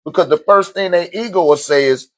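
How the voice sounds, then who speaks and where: A man with a notably high voice delivers an unscripted sermon-like monologue. He talks bluntly, swears freely and breaks into short laughs as he drives each point home to his viewers. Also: a little fast, fairly bright tone. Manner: addresses listeners directly with slang. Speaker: host of a spiritual talk channel.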